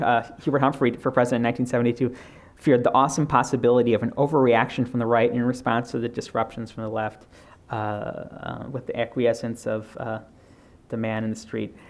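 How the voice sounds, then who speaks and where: A man's voice: medium pitch, brisk, vocal fry. Lecturing man with many fillers. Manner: reads out quotes, many fillers and restarts. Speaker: keynote speaker. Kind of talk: academic lecture. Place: lecture hall.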